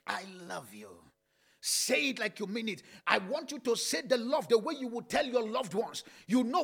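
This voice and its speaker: A man's voice: very high voice, a bit bright. A man leading a fervent sermon prayer as pastor, repeating declarations with frequent "uh" fillers.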